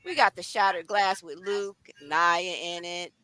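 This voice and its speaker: A woman with a bright, forceful voice talks excitedly to her live-stream viewers, showing off her book. The sound is close and dry, with no room around it. Her delivery is chatty and animated. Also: on the low side, normal speed, no room sound, rough recording. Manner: chatty, enthusiastic, addresses viewers directly. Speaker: author and live-stream host. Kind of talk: lively live-stream chat.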